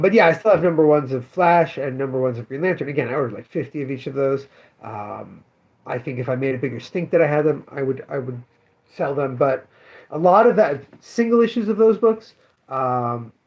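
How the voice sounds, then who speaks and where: A man with a slightly high voice, recorded with dull audio, runs a comic shop and rambles casually through customer stories. He gives a loose daily update full of fillers and self-corrections.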